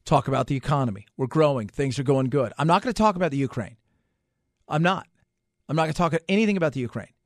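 A radio host doing a brash older president. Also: male voice, a little high, lively intonation, fast talker, no echo, clean studio sound, voice pushed down.

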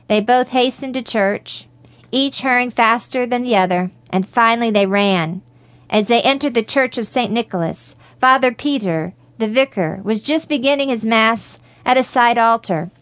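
A woman reading a religious story aloud in a measured, gentle storytelling manner. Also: fairly high pitch, no room sound. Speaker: narrator.

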